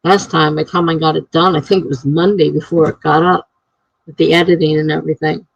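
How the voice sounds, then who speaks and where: Woman rambling on a live stream, gravelly husky voice, dry kinda dull mic. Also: deep voice, fairly even intonation, fast talker, no echo. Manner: rambling, thinks out loud. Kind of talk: casual live-stream chat.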